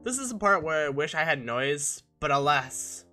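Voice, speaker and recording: A man's voice: on the high side, sing-song, moderate pace, bright, forceful tone, faint music behind. A young man giving a casual, joking and self-mocking voice-over on his own gameplay footage. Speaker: gaming channel host.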